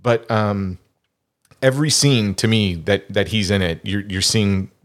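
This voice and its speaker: A middle-aged man with a fairly low voice rambles through a relaxed podcast chat. He often trips over his words and restarts his sentences as he talks. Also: measured pace. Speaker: podcast host. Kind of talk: casual chat.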